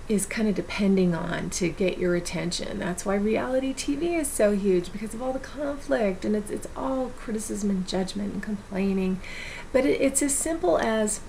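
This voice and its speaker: A woman's voice: mid-range voice, vocal fry, a little mellow, slight background noise, low-quality recording. A woman talking to camera in an earnest, encouraging way, giving casual self-help advice. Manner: earnest, encouraging, repeats words. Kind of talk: casual motivational talk to camera.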